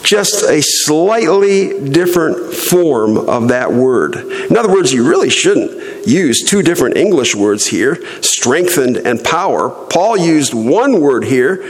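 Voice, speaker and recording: A middle-aged man preaching a sermon as pastor, slow and emphatic, leaning hard on stressed words. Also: a little high, big pitch swings, big-room sound, rough recording.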